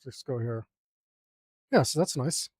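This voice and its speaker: A man's voice: mid-range voice, expressive, a little slow, darkish tone, breathy edge, no room sound, clean studio sound. A young man inking a drawing, casually muttering and criticizing his own lines as he works. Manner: self-critical, mutters to himself while drawing. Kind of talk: casual work-along commentary.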